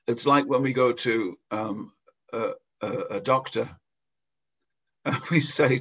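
A man giving a scripture class as a storytelling sermon, chuckling often and pausing with hesitations. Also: medium pitch, husky. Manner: anecdotal, with frequent chuckles and hesitations. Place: temple hall. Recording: dull lo-fi lecture recording.

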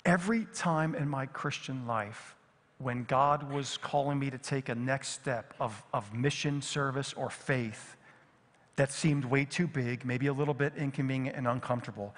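A middle-aged man preaching a sermon as pastor, swinging from lively emphasis to hushed, near-whispered repetitions. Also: medium pitch, normal speed. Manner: dynamic, drops to near whisper on repeated phrases. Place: church sanctuary. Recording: long reverb of a church hall.

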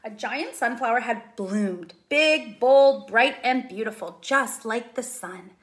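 A woman, a preschool teacher, reading a picture book aloud with expressive, sing-song storytelling. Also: fairly high pitch, slow pace.

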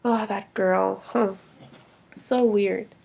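A grumpy, impatient boy voiced by a woman in a toy film, pitched a little lower than a small child, with a gravelly edge. He brushes others off irritably. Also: animated, moderate pace, heavily acted. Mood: annoyed. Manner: irritated and dismissive. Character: grumpy young boy, impatient big brother.

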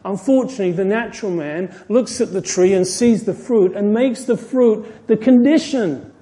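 A man giving an expository Bible teaching in an earnest way. His voice sits fairly high but has a mellow, warm tone. He lifts his voice to stress a point and lets it fall soft at the close. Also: normal speed. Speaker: pastor.

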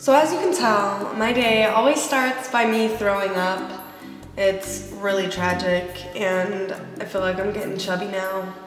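A woman's voice: mid-range voice, steady tone, a little slow. A pregnant young woman vlogging in a mock reality-show confessional, whiny and dramatic as she complains. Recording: echoey room with music behind.

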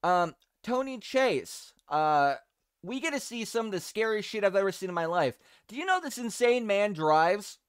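A man hosting a casual podcast, talking in a rambling, profane and excitable way with frequent restarts. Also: high-pitched, normal speed, clean tone, dry recording, studio quality. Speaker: show host.

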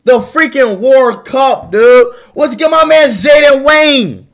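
A young man livestreaming, talking loudly and excitably to his chat and often shouting. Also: extremely high pitch, slow pace, hardly any pauses.

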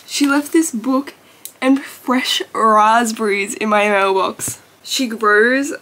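A woman's voice: fairly high pitch, slow, a bit bright. A young woman talking casually to camera at home as a vlogger, chatty and gushing with lots of fillers. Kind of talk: casual vlog chat.

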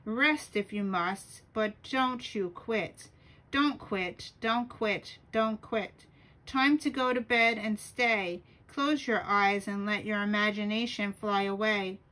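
A woman's voice: mid-range voice, takes it slowly, few pauses, bright, forceful tone, poor audio. A middle-aged woman reading her own poems aloud in a journaling video, with careful delivery and small stumbles. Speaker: journaling vlogger.

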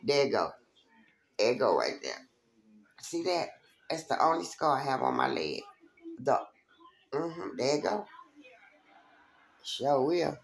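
A woman telling a profane, animated story from her street days, acting out the quotes. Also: rumbling low, slow pace, creaky, long pauses. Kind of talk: casual storytelling.

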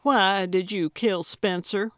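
Woman plays elderly female amateur detective, blunt, sarcastic, unhurried, storybook reading. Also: mid-range voice, steady tone, a bit bright, no echo, clean studio sound. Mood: sardonic. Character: elderly woman sleuth, feisty and sharp-tongued.

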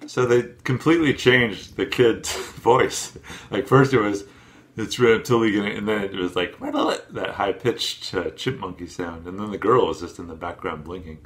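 A man hosting a reaction video, talking in a relaxed, rambling way and laughing often. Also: deep voice, normal speed. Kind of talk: casual commentary.

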